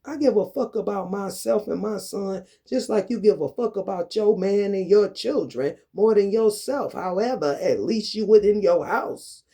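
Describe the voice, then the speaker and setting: A man delivering an angry, confrontational ranting monologue to camera, full of swearing, swinging between loud outbursts and low muttering. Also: moderate pace, creaky, hardly any pauses. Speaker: vlogger.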